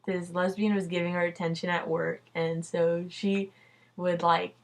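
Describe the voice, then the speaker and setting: A woman's voice: lowish voice, little pitch movement, measured pace. A young adult woman telling a personal story in a casual vlog, chatty and loose, full of "like" and "dude", swearing freely. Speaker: vlogger.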